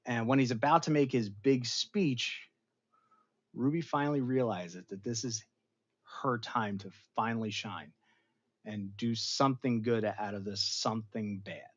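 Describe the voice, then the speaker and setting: Animated man reviewing an episode. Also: mid-range voice, unhurried. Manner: animated, acts out characters' lines in funny voices. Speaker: show host. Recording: slightly dull, lo-fi sound.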